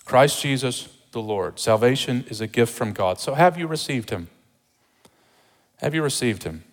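A pastor preaching a sermon with emphasis, repeating rhetorical questions to the congregation. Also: male voice, mid-range voice, expressive, normal speed, big-room sound.

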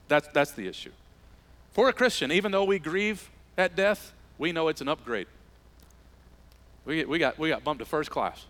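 A man preaching a sermon as pastor, swinging between emphatic rises and quiet drops. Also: a little high. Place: church sanctuary.

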